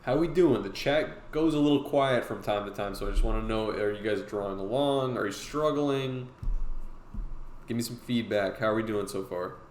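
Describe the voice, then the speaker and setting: A man with a slightly low, somewhat mellow voice talks at a normal speed while hosting a live-stream drawing tutorial. He's a streamer and artist who chats casually and rambles, using plenty of fillers. The room sounds spacious, with faint background noise.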